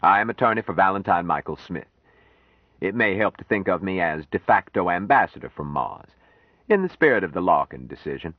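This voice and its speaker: Sardonic older lawyer, read by a male audiobook narrator; deep, measured, dry close recording. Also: animated, no room sound, lo-fi sound. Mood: dry, firm.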